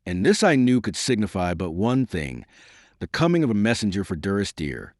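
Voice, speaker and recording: A man reading an audiobook in a measured, formal storytelling manner. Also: on the low side, very animated, darkish tone, no room sound, clean studio sound. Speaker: audiobook narrator. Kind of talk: scripted audiobook narration.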